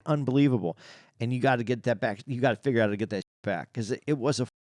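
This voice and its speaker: A man's voice: medium pitch, very fast, a little mellow, no echo. A man co-hosting a comedy podcast who rambles, stammers through restarts and pokes fun at himself, close on a studio mic. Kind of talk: casual comedic banter.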